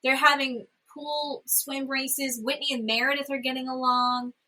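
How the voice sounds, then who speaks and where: A woman's voice: sits high, little pitch movement, unhurried, sharp tone, low-quality recording. A woman co-hosting a podcast, chatting casually and retelling scenes with quoted voices. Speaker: podcast co-host. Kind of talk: casual chat recapping a reality show.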